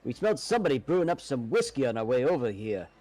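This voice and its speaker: A man's voice: medium pitch, sing-song, quick pace, a little mellow. A man playing a tabletop game, eager and chatty. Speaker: player. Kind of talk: in-character tabletop play.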